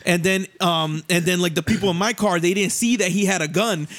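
A young man casually telling a story on a podcast, animated and slangy, often laughing and jumping into voices. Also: brisk. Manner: animated, laughing, acts out voices with rising pitch; profane, slangy.

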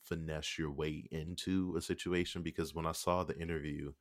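A man's voice: a bass voice, level tone, moderate pace, dry recording, studio quality. A man chatting casually on a podcast about acting, loose and profane in his speech. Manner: loose and profane, slips into quoted voices. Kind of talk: casual chat.

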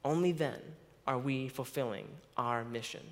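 A man's voice: mid-range voice, normal speed. A man preaching a sermon who stumbles over his words and laughs at himself. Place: church sanctuary. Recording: long hall reverb.

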